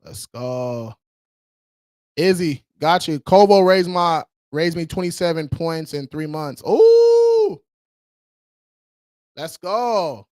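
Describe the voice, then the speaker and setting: A man's voice: on the high side, takes it slowly, a little mellow, clean tone, no echo, clean studio sound. A man hosting a casual livestream, talking in a slangy, hyped-up way and calling viewers bro. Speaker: credit repair livestream host.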